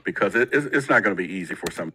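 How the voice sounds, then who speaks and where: Male talk host with a very bright voice and a chatty, rambling delivery that keeps turning to the audience. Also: sits low, animated, very fast, husky, low-quality recording. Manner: chatty, repetitive, addresses audience directly. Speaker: show host. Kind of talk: casual talk show monologue.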